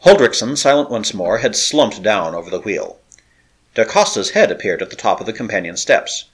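Low-voiced man reading a dramatic tale. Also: lively intonation, moderate pace, fairly bright tone, husky. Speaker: audiobook narrator. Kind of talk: scripted story narration.

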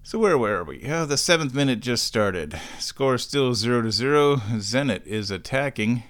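A man's voice: medium pitch, lively intonation, normal speed, a bit bright. A man vlogging at home, narrating his chores step by step in a casual running commentary. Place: home, kitchen then downstairs.

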